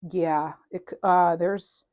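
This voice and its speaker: A woman giving a casual tarot reading to her viewers, rambling and animated, with many fillers and restarts and light laughs. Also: on the low side, takes it slowly. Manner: laughs lightly while talking. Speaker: tarot reader.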